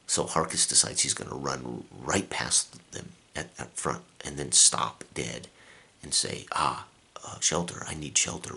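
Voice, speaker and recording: A man with a very deep, gravelly voice, recapping a tabletop game session as game master in a rambling way, with many fillers and restarts. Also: pushed and bright.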